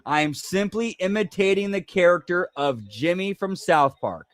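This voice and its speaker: High-voiced rambling male stream host. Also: lively intonation, normal speed, no echo. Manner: rambling, swearing, self-correcting. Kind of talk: casual chat.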